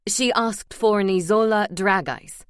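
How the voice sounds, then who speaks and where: A woman's voice: medium pitch, a little slow, clear, resonant tone, no room sound, clean studio sound, close to an everyday voice. A woman voicing a polite, official man calling from a hospital, in a storybook. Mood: formal. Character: formal male hospital caller on phone.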